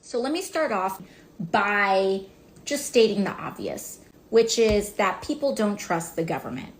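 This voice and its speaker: A woman's voice: mid-range voice, expressive, a little slow, slight background noise. A woman giving wry, conversational political commentary. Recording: roomy echo.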